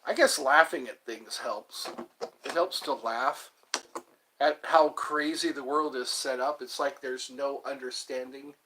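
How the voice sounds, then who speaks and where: Rambling male streamer, bright tone, wry and self-mocking, mid-pitched. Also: steady tone, measured pace, a little hiss or hum, low-quality recording. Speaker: livestreamer. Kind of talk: casual livestream monologue.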